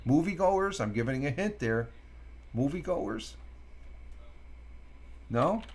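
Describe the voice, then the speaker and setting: A middle-aged man from Upstate New York hosting a casual morning live stream, rambling with many fillers and reading quotes out slowly. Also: lowish voice.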